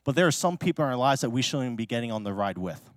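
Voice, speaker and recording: A man's voice: mid-range voice, animated, very fast, no echo, clean studio sound. A male pastor preaching in a church in a casual, story-driven way, talking in a chatty manner full of fillers and restarts.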